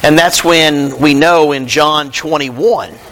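A male pastor preaching a sermon, retelling Bible stories and acting out their dialogue in an animated way. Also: on the high side, takes it slowly, slight background noise.

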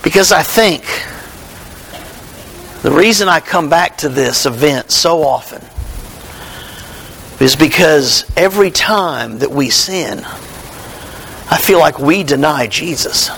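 A male pastor preaching a sermon, retelling Bible stories and acting out their dialogue in an animated way. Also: fairly high pitch, slow pace, gravelly, long pauses, a little hiss or hum.

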